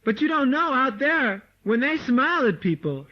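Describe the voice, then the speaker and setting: Animated high-voiced man lecturing on old tape. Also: normal speed. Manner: animated, mimics voices, laughs often. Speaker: swami giving a lecture. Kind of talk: informal lecture to devotees. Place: meditation hall or farmhouse room. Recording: dull lo-fi 1979 tape recording.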